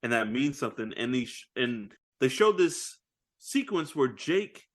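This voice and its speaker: A man's voice: mid-range voice, unhurried. A man co-hosting a podcast, recapping a movie in casual chat, acting out lines and laughing often. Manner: animated storytelling, acts out lines, laughs often. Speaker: podcast co-host.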